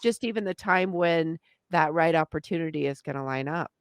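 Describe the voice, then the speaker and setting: Co-host thinking out loud, dry close sound, lots of ums. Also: medium pitch, fairly quick, clear, resonant tone, dry recording. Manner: musing, trailing sentences with many fillers. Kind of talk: reflective conversation.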